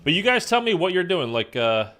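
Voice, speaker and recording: A male gaming YouTuber chats casually while playing a zombie shooter, rambling with plenty of fillers. His voice sits high, with big pitch swings, and is bright and forceful at a fairly quick pace.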